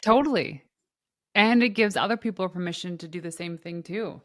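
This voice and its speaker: A woman hosting a podcast interview in a casual, animated way, laughing easily and using lots of fillers. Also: lowish voice, moderate pace, dry recording, clean studio sound. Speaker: podcast host.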